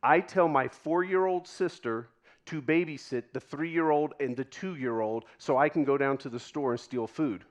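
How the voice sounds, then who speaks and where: A man giving a deeply personal storytelling talk on stage to a live audience, pausing for effect and dropping to a hush at tender moments. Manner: dramatic pauses, drops to a hush for quoted moments. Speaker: keynote speaker.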